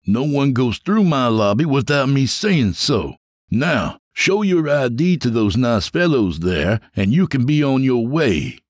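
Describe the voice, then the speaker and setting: A man's voice: medium pitch, big pitch swings, measured pace, no room sound, clean studio sound, pitched above the performer's own voice. A man voicing a smug, menacing male security chief who mocks and orders people around. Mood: taunting. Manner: taunting, mocking, commanding. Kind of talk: audio drama narration.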